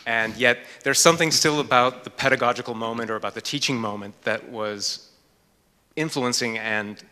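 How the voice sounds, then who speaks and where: A man's voice: mid-range voice, normal speed, bright, forceful tone. Reflective man in a reverberant hall. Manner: thoughtful, hesitant with frequent fillers. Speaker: author and art historian. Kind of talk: panel discussion. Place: lecture hall.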